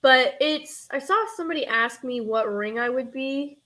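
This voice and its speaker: A young woman with a Northern US accent hosts a casual nostalgia live stream, her voice sitting high and fairly bright at a normal speed. She rambles, chats, reads comments aloud, and interrupts herself.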